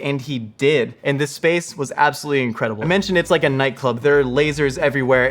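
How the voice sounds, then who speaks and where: A man host telling a personal story to camera, animated, acting out the voices of the people in it. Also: medium pitch. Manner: lively, acts out quoted voices.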